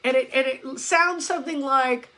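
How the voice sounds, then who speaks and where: A woman with a high, bright voice coaches her viewers on a live stream. She talks bluntly and with emphasis, curses offhandedly, and mimics the excuses people give her. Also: moderate pace, poor audio. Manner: blunt, emphatic, swears casually, acts out followers' complaints. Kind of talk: casual motivational live-stream talk. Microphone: phone or laptop.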